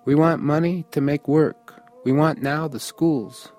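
A man voicing an eager teenage boy who speaks in halting, broken English. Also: on the high side, steady tone, darkish tone, faint music behind, voice pushed up, natural voice. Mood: frustrated. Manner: urgent, halting phrasing.

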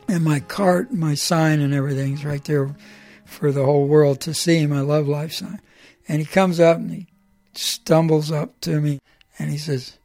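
A middle-aged man telling stories in the first person about walking across the country, in a plainspoken, conversational way with halting restarts. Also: a little high, little pitch movement, darkish tone, faint music behind.

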